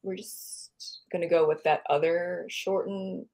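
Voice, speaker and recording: Low-voiced chatty American woman. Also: fairly even intonation, unhurried, warm tone. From United States. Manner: chatty, rambling, self-correcting. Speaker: podcast host. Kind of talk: casual interview chat.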